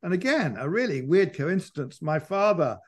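A man's voice: a little high, very animated, moderate pace, husky. A man, a biographer guesting on an interview and telling long, digressive stories with frequent restarts. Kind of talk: conversational interview.

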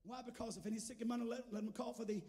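A man preaching a sermon as a guest, moving between quiet storytelling and shouted, sing-song preaching. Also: very high-pitched, steady tone, very fast. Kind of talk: Pentecostal sermon. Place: large church sanctuary. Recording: church hall with long reverb and faint music.

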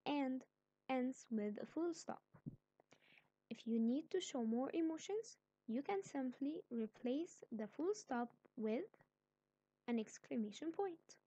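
A woman's voice: high-pitched, warm tone, no echo. A woman teaching a grammar lesson, explaining patiently step by step. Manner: patient, explains step by step, then acts out example sentences.

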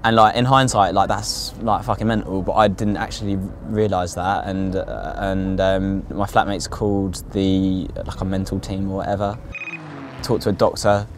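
A man's voice: low-pitched, flat delivery, normal speed, slight background noise. A young man tells his own story casually in a documentary, with lots of fillers and swearing. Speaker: interviewee recounting his own psychosis. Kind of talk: candid documentary testimony.

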